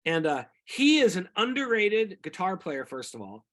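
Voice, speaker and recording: A middle-aged singer-songwriter telling rambling, animated stories about his music career in a casual interview. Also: sits high, moderate pace. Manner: rambling, animated anecdotes with quoted voices.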